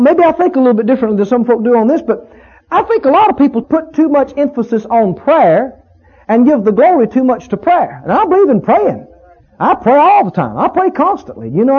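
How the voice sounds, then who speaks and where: A man's voice: very high voice, narrow, tinny audio. A man preaching a sermon in a church, emphatic, repeating key words and rising on exclamations. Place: church sanctuary.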